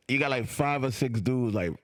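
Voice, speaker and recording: A man co-hosting a podcast, telling stories in loose, slangy casual chat. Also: medium pitch. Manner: loose slangy storytelling, laughing. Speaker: podcast co-host.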